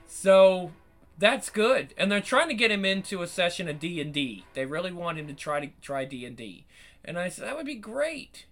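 A man's voice: high-pitched, moderate pace, a bit bright, poor audio. A man hosting his channel in casual, profane commentary, rambling with frequent restarts. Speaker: channel host.

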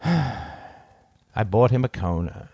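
Cold, deliberate male storyteller. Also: medium pitch, sing-song, mellow, husky, no echo, muffled recording. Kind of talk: first-person story narration.

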